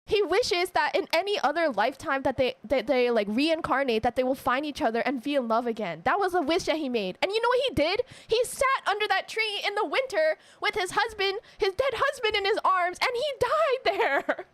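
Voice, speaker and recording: A woman streamer casually retelling a story to her viewers, animated and emotional, often laughing. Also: extremely high pitch, a little fast, few pauses, dry recording.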